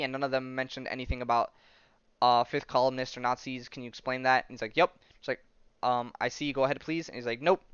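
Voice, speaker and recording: A man hosts a casual podcast, walking through a comic book plot and reading the characters' lines aloud between hesitant ums and false starts. His voice is smooth and mid-pitched. The recording is dry and a little dull, like a budget home mic. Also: fairly bright tone, no echo. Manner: retells scenes by reading out dialogue, many ums and restarts. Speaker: podcast host.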